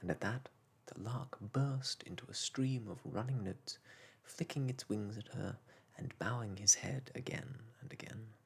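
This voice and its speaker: A man narrating a children's storybook aloud in a gentle, unhurried bedtime-story manner. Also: lowish voice, vocal fry, husky.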